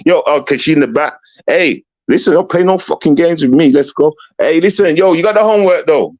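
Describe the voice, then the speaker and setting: A man's voice: fairly high pitch, fairly quick, a little mellow. A man hosting a livestream call-in, confrontational and repetitive, swearing and ranting at a caller. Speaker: livestream host.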